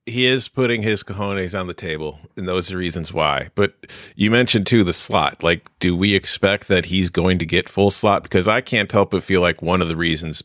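A man's voice: low-pitched, a bit bright, no echo, clean studio sound. A man hosting a casual sports podcast, talking in long rambling questions with joking asides. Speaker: podcast host.

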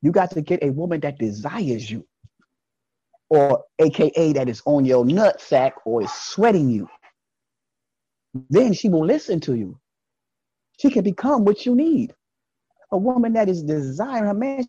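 A man guesting on a podcast, talking in an animated, preachy way and acting out voices in his stories. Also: a little high, normal speed, pauses often, slightly rough, dry recording, dull audio. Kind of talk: casual podcast conversation.

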